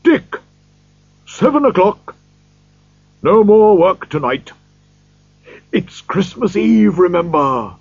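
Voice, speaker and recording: Man doing a jolly booming old merchant. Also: very animated, takes it slowly, vocal fry, pauses often, a little mellow, husky, no room sound, full character voice. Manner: booming, cheerful calls. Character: jolly fat old male merchant, hearty. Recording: dull lo-fi recording.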